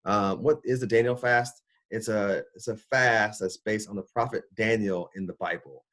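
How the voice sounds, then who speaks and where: A middle-aged man, a doctor, telling his own health story in a casual, animated way, acting out his reactions. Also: moderate pace. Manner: animated, acts out his own reactions with big pitch jumps. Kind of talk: personal storytelling talk.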